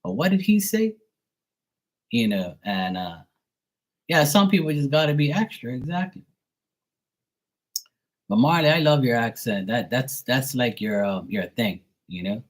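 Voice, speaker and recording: A man's voice: mid-range voice, sing-song, measured pace, pauses often. A young adult man with a Bermudian accent, chatting casually and rambling on a live stream, swearing now and then. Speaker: live tarot reader.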